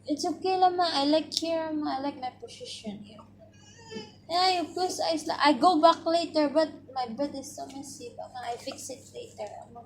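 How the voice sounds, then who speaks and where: A woman's voice: high-pitched, moderate pace, slight background noise. A woman with a Filipino accent chatting casually at home at bedtime, coaxing a child and then reading a story aloud, tacking little particles onto her sentences. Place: bedroom at home.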